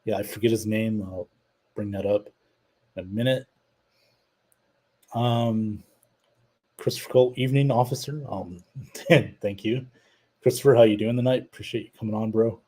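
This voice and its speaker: Mellow, husky-voiced man chatting casually. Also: fairly low pitch, moderate pace, long pauses, rough recording. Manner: chatty, reads viewer comments aloud. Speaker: podcast host. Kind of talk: casual live-stream chat.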